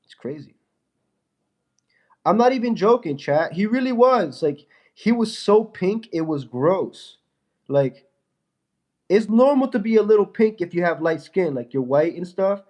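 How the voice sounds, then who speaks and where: A young man trash-talks and laughs at a viewer during a casual livestream. His nose is stuffy from a fever. His voice sits a little high. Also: a little mellow. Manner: mocking, trash-talking, laughing at a chat viewer.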